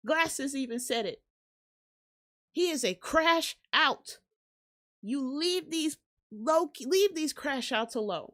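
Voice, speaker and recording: A young woman hosting a casual commentary rant, her voice pitched a little higher than most women's. She talks blunt and profane, laughs often and slips into mocking put-on voices. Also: lively intonation, unhurried. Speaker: commentary channel host.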